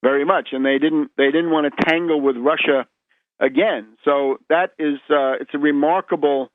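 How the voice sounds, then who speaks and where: A man's voice: on the high side, fairly even intonation, moderate pace, dry recording. Man lecturing over a tinny phone line. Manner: lecturing, with frequent word restarts and tag "right?". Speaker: guest historian. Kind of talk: radio interview explanation.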